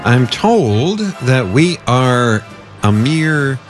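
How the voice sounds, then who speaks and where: Male radio host, animated announcer read for a pledge drive, soft music under the voice. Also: medium pitch, very slow. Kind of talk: on-air fundraising appeal.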